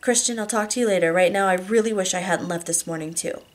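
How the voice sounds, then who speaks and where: A woman's voice: fairly low pitch, quick pace, close to an everyday voice. A woman voicing a young woman teasing her lover over the phone, light and playful.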